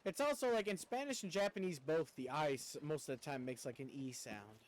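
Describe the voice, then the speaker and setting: A man's voice: a little high, lively intonation, a little fast. A man streaming a game, chatting casually with viewers in a rambling way and laughing often. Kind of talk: casual chat while gaming.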